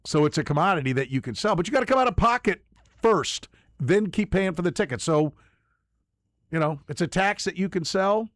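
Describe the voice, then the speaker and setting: A man's voice: high voice, lively intonation, a little fast, fairly bright tone, no echo, studio quality. A man hosting sports talk radio, giving emphatic opinions and often repeating words as he starts a point. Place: radio studio. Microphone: studio microphone.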